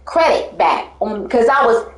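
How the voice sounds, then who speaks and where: A woman's voice: a little high, animated, unhurried, reverberant. A woman telling her life story in casual talk, rambling and emphatic, often breaking into laughter.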